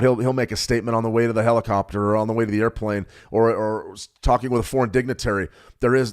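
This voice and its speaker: Brief: male market host, rambling chart commentary, stutters and restarts often, mid-pitched voice.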